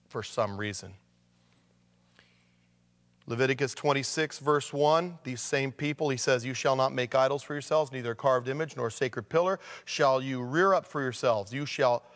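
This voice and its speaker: A man's voice: medium pitch, fairly bright tone. Man preaching in a reverberant hall. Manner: conversational preaching, reads scripture aloud with emphasis. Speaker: pastor. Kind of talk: sermon.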